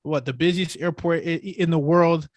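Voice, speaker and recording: Energetic male podcast host, dry sound. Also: fairly high pitch, fairly quick, dry recording. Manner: energetic, slangy, restarts often. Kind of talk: upbeat interview hosting.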